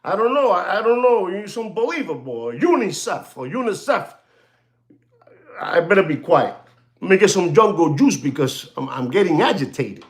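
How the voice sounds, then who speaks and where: Man, high voice, very animated swings, sarcastic ranting watchmaker host, repetitive. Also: moderate pace. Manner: sarcastic, repetitive, switches into Spanish. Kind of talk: ranting monologue.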